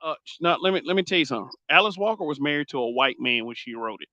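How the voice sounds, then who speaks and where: A man's voice: a little high, racing, bright, forceful tone, dry recording, highs cut off. A man hosting a casual podcast, talking bluntly and emphatically, repeating phrases as he builds his points. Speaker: host.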